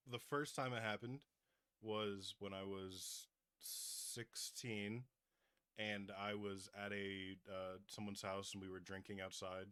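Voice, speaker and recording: A young adult man hosting a podcast, telling a story in relaxed, rambling casual chat. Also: lowish voice, clear, resonant tone, dry recording, clean studio sound. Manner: laid-back, rambling with fillers and loose asides. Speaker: podcast host.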